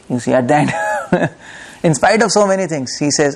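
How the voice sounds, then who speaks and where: A man's voice: fairly high pitch, unhurried, darkish tone. A man giving a devotional sermon, telling a story and acting out its voices with laughs between points. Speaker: preacher. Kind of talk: devotional discourse. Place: lecture hall.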